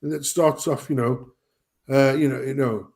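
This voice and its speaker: A man's voice: mid-range voice, steady tone, normal speed, gravelly, darkish tone. A man hosting a casual live chat, ranting and swearing. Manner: swearing, ranting, mimics voices. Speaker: host.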